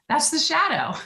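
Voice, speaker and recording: A woman wellness coach talking in a casual interview, earnest and quick to laugh, at times reading aloud with feeling. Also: sits high, pushed and bright. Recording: roomy echo.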